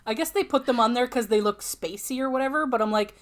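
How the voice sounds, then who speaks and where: A woman's voice: on the high side, fast talker. A woman co-hosting a podcast, chiming in with wry asides in casual chat. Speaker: podcast co-host.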